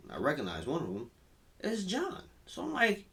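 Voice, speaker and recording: Man, crude rambling comedic storyteller, swinging wildly in pitch, distant mic, music bed. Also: normal speed, vocal fry. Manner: profane, animated and rambling.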